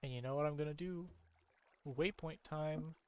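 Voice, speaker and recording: A man giving casual, rambling gameplay commentary late at night, sleepy and yawning, who repeats himself and gets excited easily. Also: a little high, normal speed, clear, resonant tone. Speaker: streamer.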